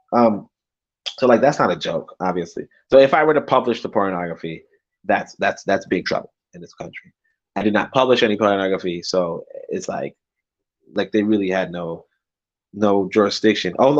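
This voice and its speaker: A man's voice: fairly low pitch, highs cut off. A man telling a story to his viewers in a casual rant, agitated and full of profanity and filler words. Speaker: vlogger.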